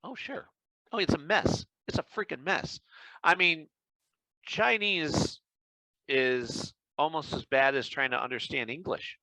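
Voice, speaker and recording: A man's voice: a little high, a little slow, no room sound, rough recording. A man co-hosting a podcast, telling casual stories and acting out what people said. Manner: animated anecdote-telling with acted-out quotes. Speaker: podcast co-host. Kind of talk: casual chat, storytelling.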